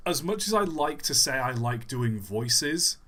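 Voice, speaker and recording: A man's voice: medium pitch, animated, unhurried, a bit bright. A young man hosting a live stream, chatting in a rambling, self-deprecating and joking way. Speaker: livestream host. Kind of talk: casual live stream chat.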